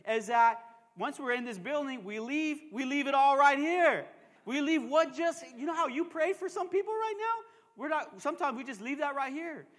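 Male pastor, sermon, very high pitch, chatty and emphatic with calls to the crowd, long church reverb. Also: sharp tone. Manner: emphatic preaching with call-and-response asides; joking, conversational asides. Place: church sanctuary.

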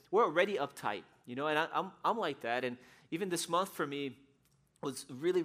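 Animated male pastor raised in Brazil. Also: fairly high pitch. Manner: animated storyteller, acts out scenes with shouts. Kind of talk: sermon with personal story.

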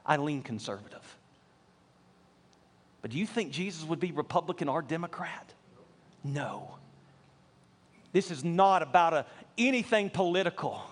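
A man preaching a sermon to his church, earnest and building from quiet asides to fervent appeals. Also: high-pitched. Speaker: pastor.

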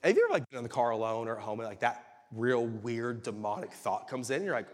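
A male pastor preaching a sermon with animated delivery that rises to shouts. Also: mid-range voice, quick pace, few pauses. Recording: reverberant hall.

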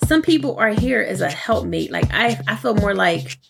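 A woman in her forties chatting casually on a podcast, animated and laughing, acting out quotes in playful voices. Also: medium pitch, moderate pace, vocal fry, over music. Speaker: podcast co-host.

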